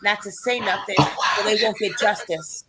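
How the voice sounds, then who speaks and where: A woman hosting a livestream who talks loudly and bluntly, swearing as she scolds viewers and answers chat comments. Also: medium pitch, moderate pace, noisy background. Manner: reads chat comments aloud and answers them. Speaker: YouTube livestream host.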